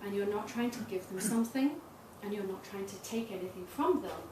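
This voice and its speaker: A woman's voice: mid-range voice, a little fast. Candid woman giving a talk in a room. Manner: candid, self-deprecating storytelling with laughs. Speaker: tantra massage teacher. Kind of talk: public talk. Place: small event space. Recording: roomy, distant mic, noisy.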